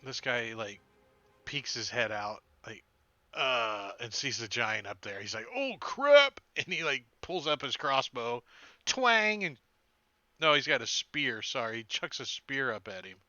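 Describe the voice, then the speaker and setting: A man running a tabletop game as game master, acting out sound effects and shouted lines. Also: mid-range voice, measured pace, dry recording, lo-fi sound.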